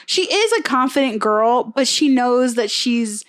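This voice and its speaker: Animated young woman retelling gossip. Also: a little high, measured pace. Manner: animated storyteller, acts out quotes, frequent "like". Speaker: podcast co-host. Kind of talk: casual chat, retelling a reality show.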